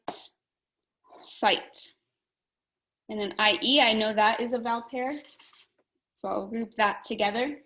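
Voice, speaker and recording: A woman leads a phonics lesson for young children, sounding out every letter with care. She speaks at a slow, deliberate pace in a fairly high voice, and she speaks clearly to the class. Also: fairly bright tone, poor audio. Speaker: teacher.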